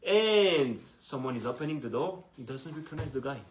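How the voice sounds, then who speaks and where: A rabbi tells a long story to his class, animated and repetitive, often restarting his sentences. His man's voice sits fairly high, and the room around him sounds echoey. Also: normal speed, slight background noise. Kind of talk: storytelling lesson.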